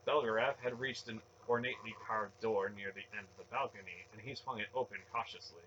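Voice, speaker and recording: A man reading a fantasy novel aloud with steady, dramatic narration. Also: on the low side, brisk, muffled recording, slight background noise. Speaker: audiobook reader.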